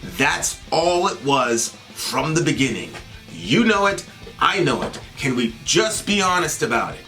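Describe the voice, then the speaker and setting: A man's voice: medium pitch, big pitch swings, measured pace, pushed and bright, soft background music. A man co-hosting a political talk show, venting in indignant, sarcastic bursts. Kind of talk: heated political commentary.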